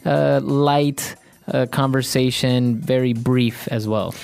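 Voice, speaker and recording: Smooth-voiced male podcast co-host. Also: mid-range voice, fairly even intonation, slow pace, darkish tone, dry recording, faint music behind. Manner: conversational, explains simply with fillers. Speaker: podcast co-host, English teacher. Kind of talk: explanatory podcast chat.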